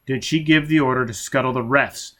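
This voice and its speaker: A man's voice: medium pitch, fairly even intonation, a little fast, a bit bright, close to an everyday voice. A man doing a furious, demanding interrogator. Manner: demanding, insistent. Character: enraged man interrogating, commanding. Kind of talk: audiobook character voice.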